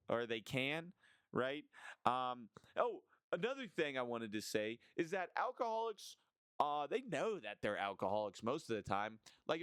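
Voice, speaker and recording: A man's voice: mid-range voice, fairly bright tone, clear, resonant tone, dry recording. A young man vlogging in a rambling, mock-serious monologue, tossing in "bro" and "right?" as he goes. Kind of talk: casual rambling monologue to camera.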